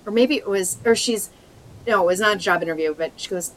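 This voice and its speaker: A woman's voice: fairly low pitch, steady tone, quick pace, a little hiss or hum, poor audio. A woman, co-hosting a podcast in casual chat and acting out the people in her stories. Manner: chatty storyteller, acts out quoted people. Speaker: podcast co-host.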